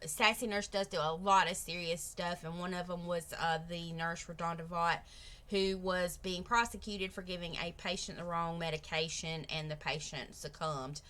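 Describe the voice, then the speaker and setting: A woman's voice: on the low side, steady tone, moderate pace, fairly bright tone. A middle-aged woman with a Southern US accent, chatting frankly and rambling as a reaction host. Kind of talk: casual reaction chat.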